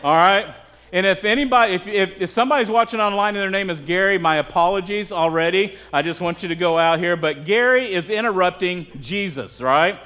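A man's voice: high-pitched, fairly quick, bright, forceful tone, clean tone. An American man preaching a sermon to a live congregation in a conversational way, often checking in with the crowd. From United States. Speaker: pastor.

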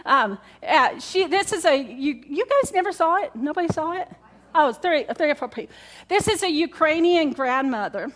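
In church before her congregation, a woman pastor delivers a sermon in a chatty, conversational manner, circling back to key words and asking the listeners questions. Her voice sits high, her intonation is lively, and her pace is moderate.

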